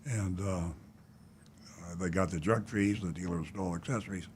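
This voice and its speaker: A man's voice: low-pitched, measured pace, a little hiss or hum. An older man hosting a call-in talk show, speaking bluntly and indignantly and rambling with many filler sounds. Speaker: talk show host, car dealer.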